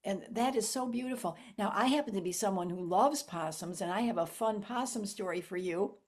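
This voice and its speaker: A woman hosting an interview, gushing and animated, quick to laugh in casual chat. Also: medium pitch. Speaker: interview host.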